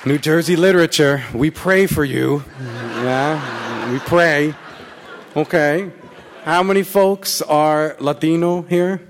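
Speaking slowly in a voice on the high side, a man cracks profane jokes and teases the audience before reading his work on stage. There's slight background noise as the author chats casually.

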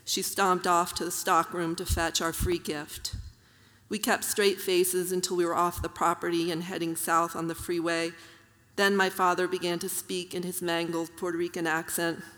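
A woman with a lowish voice reads her own prose to an audience, measured and even. Her voice rings with the long reverb of a hall. She adds soft fillers between passages. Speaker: author reading her work. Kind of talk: literary reading aloud.

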